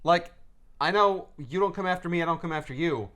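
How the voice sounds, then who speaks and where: A podcast co-host in a casual comic book chat who tosses in quick, deadpan quips. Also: mid-range voice.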